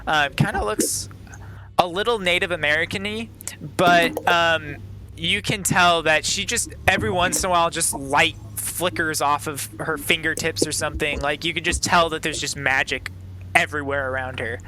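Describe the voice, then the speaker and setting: A man's voice: on the high side, steady tone, normal speed, pushed and bright, soft background music. A man narrating as game master in a tabletop game, rambling with many fillers.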